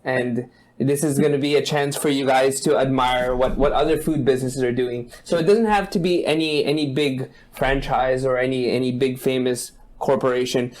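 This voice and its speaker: A man's voice: mid-range voice, steady tone, moderate pace, darkish tone. A man hosting a business interview, asking questions in a friendly, upbeat way and wrapping up the show. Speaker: interview host.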